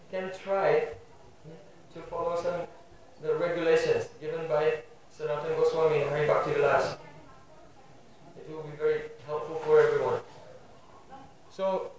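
A spiritual teacher leads a devotional class, his voice high for a man, level and a little mellow. He frequently pauses to check in with a questioning "hmm?". He's heard from a distance in a very echoey room, with faint ambience behind.

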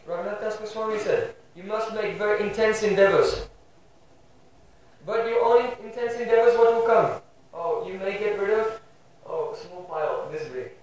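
A man gives a devotional class in a strongly echoing room, heard from a distance with faint ambience behind. His voice sits high for a man. He often pauses to check in with a questioning "hmm?". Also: darkish tone, slight background noise. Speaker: spiritual teacher giving a class. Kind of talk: devotional lecture. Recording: very echoey room, voice far from mic.

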